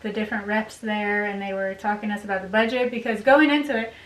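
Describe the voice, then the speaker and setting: An upbeat woman vlogger chats casually at home and laughs easily. Her voice sits at an ordinary pitch and comes from a little way off the mic. The room sounds echoey, with a faint hiss underneath. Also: steady tone, fast, recorded from a distance. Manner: chatty and upbeat, laughs often. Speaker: vlogger, bride. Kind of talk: casual chat to camera.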